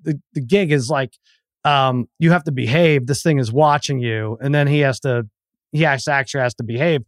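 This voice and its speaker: A man's voice: medium pitch, normal speed, no echo, clean studio sound. A middle-aged man co-hosting a podcast, telling a rambling story in casual chat and acting out the quotes. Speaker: podcast co-host.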